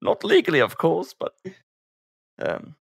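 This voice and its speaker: A man's voice: a little high, wildly swooping pitch, a little slow, creaky, breathy edge. A man hosting a podcast with an amused, giggly manner. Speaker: podcast host. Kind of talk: casual chat.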